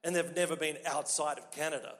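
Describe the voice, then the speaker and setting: A man with an Australian accent, a pastor preaching a sermon in a lively, joking, conversational way. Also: fairly high pitch, fast. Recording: long hall reverb.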